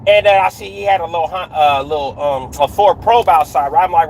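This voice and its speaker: A man's voice: sits high, fairly quick, hardly any pauses, a little hiss or hum, low-quality recording. A man livestreaming from his car at night, telling a story in street slang and checking in with viewers. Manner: street slang, frequent "right?" tags, greets viewers mid-story. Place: inside a car on a dark road at night.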